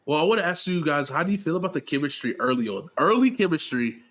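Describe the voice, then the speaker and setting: A man's voice: on the high side, animated, quick pace, a bit bright. A man hosting a podcast in casual chat, recapping at length with lots of fillers. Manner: rambling, filler-heavy recap. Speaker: podcast host.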